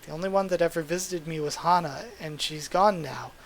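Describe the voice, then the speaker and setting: A man reading the part of a lonely, quick-tempered young girl stuck in a hospital bed, speaking tearfully. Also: fairly high pitch, a little hiss or hum, lightly acted. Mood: grieving. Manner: tearful and pleading.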